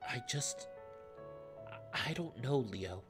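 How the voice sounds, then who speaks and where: A man voicing a guarded young man, reading his lines and narration quietly and hesitantly. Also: medium pitch, lively intonation, slow. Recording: faint music underneath.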